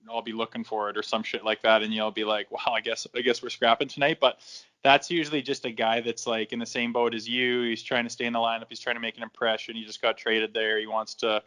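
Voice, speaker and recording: Brief: man, 30s, podcast guest spinning foul-mouthed hockey yarns, flat level delivery. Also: on the low side, clear, resonant tone. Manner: swears freely, acts out quoted dialogue. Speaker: guest, former hockey enforcer. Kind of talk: casual storytelling in a podcast interview.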